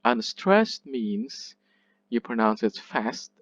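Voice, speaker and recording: A man teaching a literature class at an unhurried pace, often repeating himself. The sound is dry with no room echo, and a little muffled and dull. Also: medium pitch, very animated, creaky. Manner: slow, repeats words, restarts. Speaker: literature lecturer. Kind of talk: classroom lecture.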